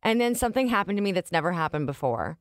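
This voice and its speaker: A woman's voice: lowish voice, quick pace, no echo. A woman co-hosting a radio show, telling a story in casual banter with lots of laughter and acted-out voices. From Canada. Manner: animated, laughs often, acts out voices in her stories. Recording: dry studio sound.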